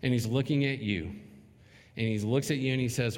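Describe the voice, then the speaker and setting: A man preaching a sermon as pastor, speaking with dramatic, emphatic pauses. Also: mid-range voice, steady tone, darkish tone, big-room sound.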